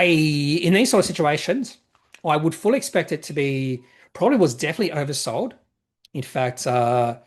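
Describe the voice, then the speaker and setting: Speaking a little high with a breathy edge, a man runs an investing channel, reading out viewer questions and commenting casually on markets. His answers wander and self-correct, stuffed with fillers.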